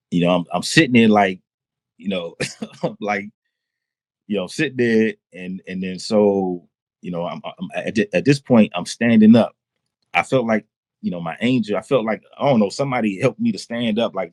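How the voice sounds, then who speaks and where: A man giving a personal testimony in casual, slangy speech, excited, often repeating himself and laughing. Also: lowish voice, normal speed, no echo. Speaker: testimony guest.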